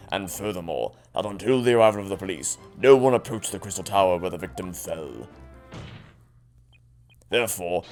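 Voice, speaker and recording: A man's voice: deep voice, voice pushed down. A man doing a cold haughty prosecutor. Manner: clipped, formal, disdainful.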